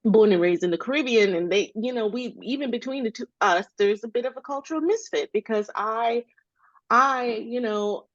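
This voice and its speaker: A woman's voice: a little high, moderate pace, no echo. US-raised woman on a dry, muffled line. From United States. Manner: storytelling, animated when quoting others. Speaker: podcast co-host, educator. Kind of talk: conversational educational podcast.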